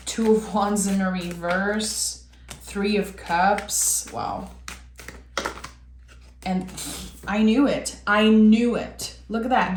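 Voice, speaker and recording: A woman giving a tarot reading, talking earnestly and warmly straight to the viewer. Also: mid-range voice, fairly even intonation, slow, long pauses, slight background noise. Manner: earnest, heartfelt, addresses viewer directly. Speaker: tarot reader. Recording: roomy echo.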